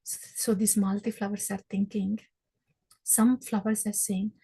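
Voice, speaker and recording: A woman teaching a scripture class who tells the story in an animated way and acts it out. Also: mid-range voice, moderate pace, gravelly, husky, low-quality recording.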